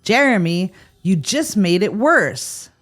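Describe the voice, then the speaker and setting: A woman co-hosts a scripted paranormal podcast, speaking slowly in a sing-song, mid-range voice. She reacts with wry, sarcastic humor.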